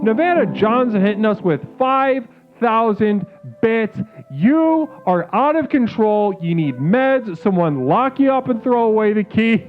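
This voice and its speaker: A man's voice: sits high, lively intonation, normal speed. A man hosting a comedic live call-in stream, reading chat aloud in a mock-spiritual, swearing manner. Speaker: livestream host. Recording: phone-like lo-fi sound with music behind.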